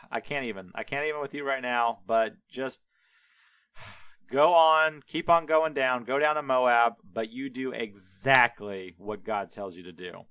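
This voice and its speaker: A man's voice: mid-range voice, measured pace, sharp tone, smooth. A man voicing an exasperated male angel with a sword who scolds in bro slang. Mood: scolding.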